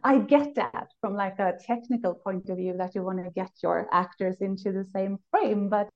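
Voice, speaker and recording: A woman speaking English as a second language, chatting eagerly about a TV show. Her voice jumps up high whenever something delights her, and she laughs often. The recording sounds a bit dull and lo-fi. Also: moderate pace. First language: not English. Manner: enthusiastic, laughs often, rises in pitch when excited. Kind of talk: casual chat.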